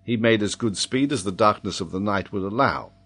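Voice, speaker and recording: Male narrator, measured audiobook reading, lowish voice. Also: fairly bright tone, slightly rough.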